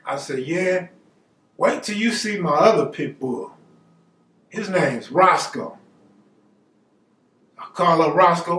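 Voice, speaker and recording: A man with a fairly high voice tells a personal story casually, full of slang and quoted back-and-forth. He sits back from the mic. The room adds a noticeable echo. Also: lively intonation, slow pace, long pauses, a bit bright, recorded from a distance. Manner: laid-back, slangy, acts out quoted dialogue. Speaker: storyteller host.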